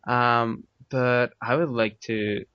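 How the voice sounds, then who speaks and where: A man's voice: mid-range voice, steady tone, slow, fairly bright tone, smooth, dry recording. A man with an English accent hosting a casual podcast chat, rambling and laughing often. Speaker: podcast host. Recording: dry, dull lo-fi mic.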